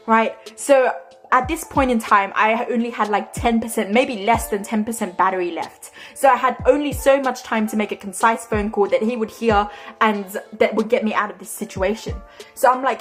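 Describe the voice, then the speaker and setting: A woman's voice: fairly high pitch, brisk, soft background music. A young woman with an Australian accent, telling a storytime tale in a chatty way and ending her lines with "right?". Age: young adult. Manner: chatty, tags nearly every sentence with "right?". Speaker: vlogger. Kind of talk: storytime narration.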